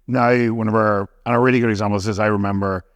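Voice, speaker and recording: Man, podcast guest, rapid talker, lowish voice, dry close sound. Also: dry recording. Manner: fast, animated storytelling with frequent swearing. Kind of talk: casual chat.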